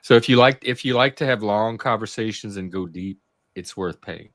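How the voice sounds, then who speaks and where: A man hosting a casual group chat, relaxed and talkative, prodding and joking with others. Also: on the low side, normal speed, no room sound. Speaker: host.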